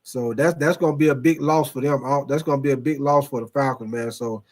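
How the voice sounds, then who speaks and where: A man's voice: medium pitch, steady tone, fairly quick. A man hosting a casual sports podcast who talks in a loose, rambling way, addresses his chat directly and laughs often.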